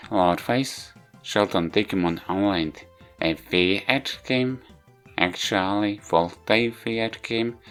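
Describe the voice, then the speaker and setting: A man with a very low voice talks through a game review at an unhurried pace. He stumbles often, breaking off words and restarting them. Faint music plays underneath. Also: a bit bright. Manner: halting, frequent restarts and self-corrections. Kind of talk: casual video game review voice-over. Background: faint background music.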